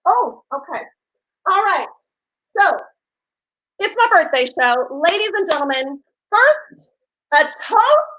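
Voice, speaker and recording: A woman in her fifties hosting a casual live stream, gushing and talking loudly to her viewers. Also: very high voice, big pitch swings, slow pace, long pauses, slight background noise, rough recording. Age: 50s. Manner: effusive and gushing, talks loudly.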